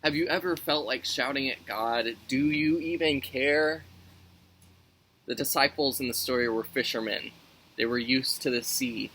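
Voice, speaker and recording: A man gives a casual youth Sunday school lesson outdoors, friendly and conversational. His voice is bright and forward, with a gravelly fry under it. Faint noise from outside sits behind him. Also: mid-range voice, fairly even intonation, moderate pace, low-quality recording. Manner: friendly, conversational teaching with scripture reading. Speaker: youth minister.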